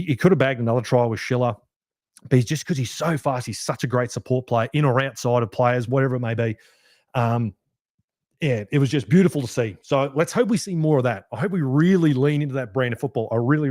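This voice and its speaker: A man hosting a sports review podcast, talking in an animated, rambling way and swearing freely as a fan. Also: medium pitch, no room sound, clean studio sound. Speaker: podcast host.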